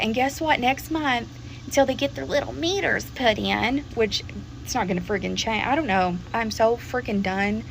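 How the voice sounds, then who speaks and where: A woman's voice: fairly high pitch, moderate pace, gravelly, slight background noise. A woman venting to camera in an exasperated, emphatic rant, repeating herself.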